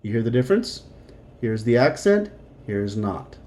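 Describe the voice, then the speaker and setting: A man's voice: lowish voice, sing-song, normal speed, darkish tone, a little hiss or hum. A man teaching a recorded beginner Spanish lesson, explaining patiently step by step and repeating words.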